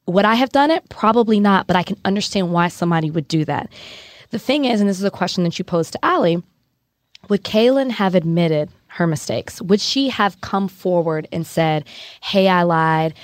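A woman's voice: on the low side, no room sound, studio quality. A woman co-hosting a podcast, outspoken and blunt in casual chat. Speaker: podcast co-host.

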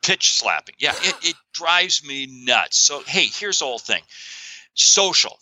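Energetic, emphatic man with a lively voice. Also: fairly high pitch, unhurried, no room sound, poor audio. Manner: animated, emphatic, exclamatory. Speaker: guest author. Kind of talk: podcast interview.

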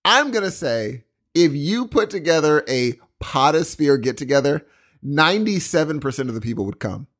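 A man co-hosting a podcast in casual chat, excitable and emphatic. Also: fairly high pitch, normal speed. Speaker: podcast co-host.

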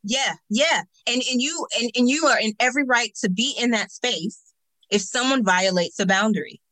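Woman, bright voice, dry close sound, emphatic podcast guest. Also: on the high side, moderate pace, no room sound, low-quality recording. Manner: animated storyteller, emphatic repetitions. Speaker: podcast guest, agency owner. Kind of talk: casual interview chat.

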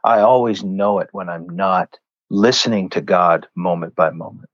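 Here a man with a low voice and a moderate pace tells stories as a guest in a faith interview, staying earnest and conversational while acting out quoted lines. The recording is dry and muffled.

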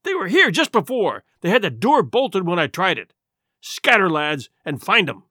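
A furious old blind buccaneer barks his orders in a piercing, high voice, as a man puts him on. His storybook tirade is sharp and bright, with nothing soft in it. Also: very animated, moderate pace, no echo, studio quality, full character voice. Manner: shouting commands in a high strained voice. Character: blind old male pirate, fierce and raging.

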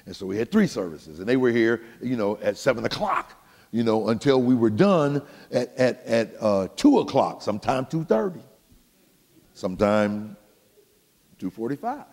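A man's voice: medium pitch, normal speed, in a large hall. An older man, a pastor telling folksy stories to his congregation in a sermon. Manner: folksy, animated, talks straight to the congregation. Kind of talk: storytelling sermon.

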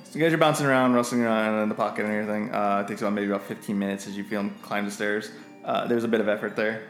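A man's voice: fairly low pitch, fairly even intonation, rapid-fire, echoey room, soft background music. A man narrating as game master in a casual, rambling way. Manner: casual, many fillers and restarts.

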